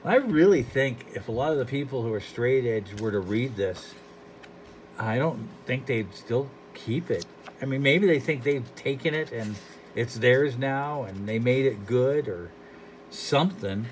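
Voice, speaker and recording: A man talks through a comic book in a loose, rambling way, sounding dry and unimpressed. His voice sits at an ordinary middle pitch. A faint hiss of background noise runs under the recording. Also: animated, a little slow. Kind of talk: casual commentary.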